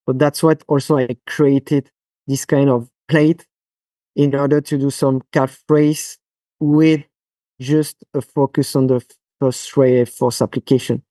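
French-accented man, halting and mellow. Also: medium pitch, level tone, dry recording. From France. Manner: halting, many fillers and restarts. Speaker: guest physiotherapist. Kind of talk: podcast interview.

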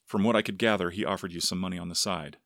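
A man's voice: sits low, fairly even intonation, fairly bright tone, no room sound, studio quality. A man voicing a weary, resolved young woman in a storybook. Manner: weary, measured.

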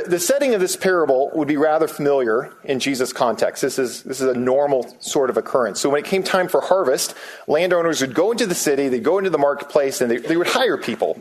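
A man of middle pitch preaching a sermon. He reads scripture passages aloud, then talks them through casually, with ums and restarts. When he quotes people, his voice rises. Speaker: pastor.

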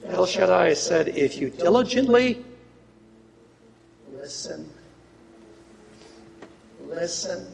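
High, gravelly-voiced preacher in a hall. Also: male voice, animated, takes it slowly, long pauses, a little hiss or hum. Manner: swings between loud emphatic reading and quiet asides. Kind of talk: sermon with scripture reading. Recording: long hall reverb.

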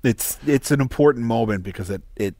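A man's voice: medium pitch, brisk, gravelly, a little mellow, no room sound. A man in casual conversation about a film, politely discussing why scenes work.

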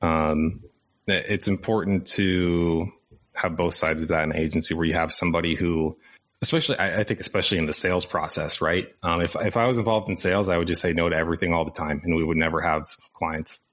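A man co-hosting a podcast, chatting in a measured way and laughing easily. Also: deep voice, fairly even intonation, a bit bright. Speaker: agency co-owner and podcast host. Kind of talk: casual podcast chat.

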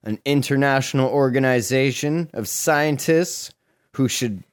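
A man's voice: mid-range voice, measured pace, smooth. A man co-hosting a comedy podcast, reading odd news stories aloud with crude, sarcastic asides. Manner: jokey, crude, reads headlines with sarcastic asides. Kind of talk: casual comedic chat.

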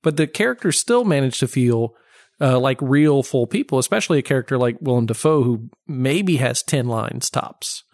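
A man's voice: mid-range voice, animated, a little mellow, no room sound. Man, podcast co-host, wry quips, dry close sound. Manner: wry, quick jokes. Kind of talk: casual film discussion.

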